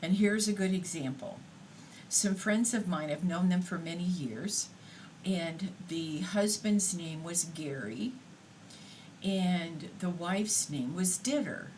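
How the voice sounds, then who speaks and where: A woman delivers a recorded lecture at a very slow, deliberate pace. Her voice sits slightly low, and she explains patiently, stopping on an occasional filler. A faint background hiss runs under the recording. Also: a little mellow, rough recording.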